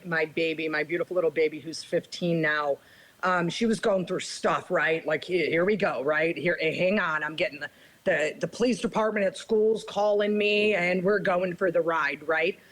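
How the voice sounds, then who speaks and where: A woman's voice: on the low side, moderate pace, low-quality recording. This is a woman speaking as a guest on a recovery podcast. She tells a personal story with candor and emotion. She keeps reaching out to her listeners with "right?" and "you guys".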